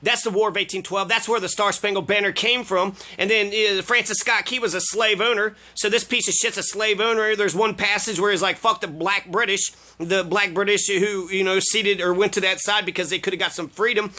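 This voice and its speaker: High-voiced, bright man ranting profanely. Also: fairly even intonation, brisk, few pauses. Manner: sarcastic, heavy swearing, trails off in fillers. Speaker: political commentator. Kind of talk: profane ranting commentary on played clips.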